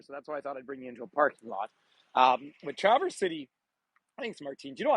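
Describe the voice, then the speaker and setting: A man's voice: a little high, breathy edge, dry recording, poor audio. A man guiding a live walking tour vlog outdoors by a frozen bay, chatty, laughing often and greeting viewers by name, filmed on a phone on a gimbal. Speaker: travel tour guide. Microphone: phone camera on a gimbal.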